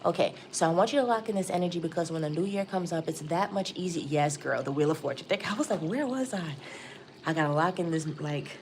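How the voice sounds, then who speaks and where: Excitable woman reading tarot live. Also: lowish voice, fast, slight background noise. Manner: excitable, chatty, addresses viewers as y'all. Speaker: tarot reader.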